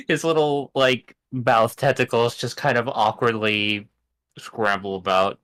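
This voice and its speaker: A man playing a tabletop game, laid-back and quick to laugh. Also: mid-range voice, animated, fairly bright tone. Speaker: player.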